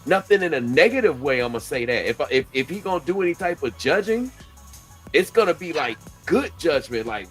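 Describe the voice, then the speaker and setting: A man's voice: a little high, sing-song, a little fast, a bit bright, soft background music. A man hosting a casual chat, speaking earnestly about scripture and faith. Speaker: host of a faith-based talk channel.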